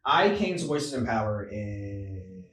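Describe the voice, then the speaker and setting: A male podcast host talking with energy and emphasis, his pitch rising and falling freely. The sound is roomy and a little distant, as if he is sitting away from the microphone. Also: slow pace. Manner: animated, emphatic, calls people bro. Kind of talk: casual conversation.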